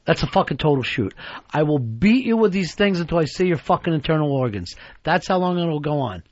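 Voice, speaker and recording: A man's voice: fairly high pitch, big pitch swings, fairly quick, a little mellow, no room sound. A man hosting a radio talk show, blustering and mock-threatening, swearing freely. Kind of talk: profane radio banter. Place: radio studio. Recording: dull archival satellite radio broadcast.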